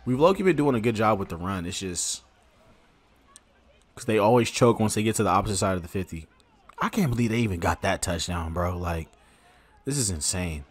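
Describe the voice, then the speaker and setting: A man streaming a football video game, giving excitable, slangy live commentary and talking to his viewers. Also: low-pitched, fairly quick. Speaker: gaming streamer. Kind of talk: casual live gameplay commentary.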